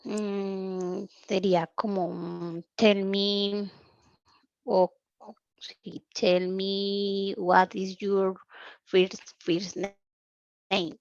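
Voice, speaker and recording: A woman's voice: mid-range voice, flat delivery, drawn-out words, darkish tone, no echo. A woman student answering in class over a video call, hesitant and searching for words. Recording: dull lo-fi call audio.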